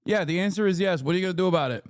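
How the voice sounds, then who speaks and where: On a dry, studio-quality recording, a high-pitched man races through his reactions to news clips on a stream. He chats casually, curses constantly and shoots off heated rhetorical questions.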